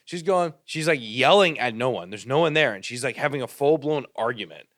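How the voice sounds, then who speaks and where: A man guesting on a podcast from his own house, telling stories in a laid-back, deadpan way. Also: medium pitch, a little fast. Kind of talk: casual comedy chat.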